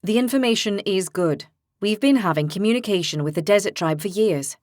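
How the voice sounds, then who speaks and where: A woman narrator voicing a calm, steady young male leader who explains things in a measured way. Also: medium pitch, dry recording, studio quality, lightly acted. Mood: reassuring.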